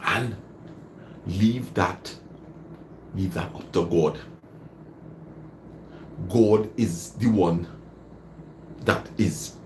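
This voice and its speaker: A man's voice: sits low, very slow, long pauses, a little mellow, slight background noise. A man hosting a live stream, giving casual motivational advice, repeating phrases for emphasis and answering viewer comments. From Trinidad and Tobago.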